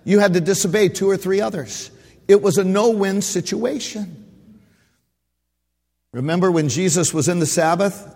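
A man preaching a sermon, calling out for amens and rising to shouts at its peaks. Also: sits high, big-room sound. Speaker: pastor.

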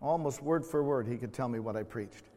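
A middle-aged man preaching a sermon in a church, slow and emotional, swelling loud then dropping to quiet tones. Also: medium pitch, long reverb tail, slight background noise. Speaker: pastor. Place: church sanctuary.

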